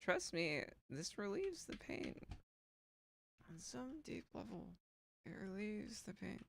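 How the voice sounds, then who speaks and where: A woman's voice: medium pitch, very animated, takes it slowly, creaky, a little hiss or hum. A woman streaming an online game, talking casually in a sarcastic, drawling way and swearing often. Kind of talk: casual gameplay commentary.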